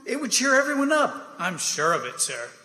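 A man's voice: extremely high pitch, very animated, moderate pace, sharp tone, full character voice. A man reading the part of an eager young army lieutenant who keeps pleading with his superior in a staged play reading. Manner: wheedling, persistent, keeps saying sir. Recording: echoey reverberant hall.

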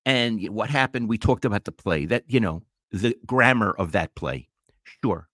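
A man's voice: on the low side, a bit bright, dry recording, studio quality. An older man, a retired sports writer, co-hosting a casual sports podcast with emphatic opinions and stumbling restarts.

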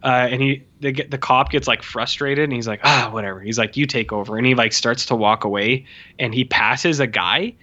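A man's voice: mid-range voice, moderate pace, lo-fi sound. Rambling man chatting about a film. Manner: rambling, many fillers, animated quoting of characters. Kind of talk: casual film discussion.

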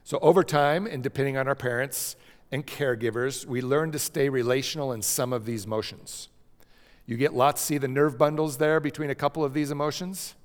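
A man speaks in a gentle teaching voice, pausing now and then to check in with his listeners. His pitch sits in a middle range. The sound carries a long reverb, as if from a large hall. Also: steady tone. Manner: gentle, repeats "okay?" to check in; drops to a soft cooing voice when acting out a parent. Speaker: speaker teaching about emotions. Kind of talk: slide lecture on child emotional development.

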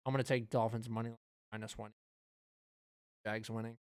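A man co-hosting a podcast, talking through sports bets in a relaxed, loose way with frequent fillers. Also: fairly low pitch, fairly quick, clean tone, dry recording, studio quality. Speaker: podcast co-host. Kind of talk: casual sports betting chat.

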